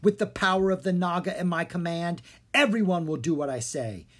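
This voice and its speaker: A reader doing a cackling dark wizard from a storybook, pitched a touch above the reader's usual voice. He speaks slowly and with glee, every line a command. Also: natural voice. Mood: gloating. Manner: slow, gleeful, commanding.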